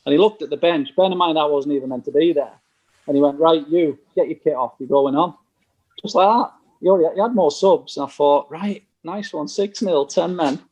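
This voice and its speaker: A man, a former footballer telling stories as a podcast guest and acting out the exchanges he quotes. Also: on the high side. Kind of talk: casual anecdote telling.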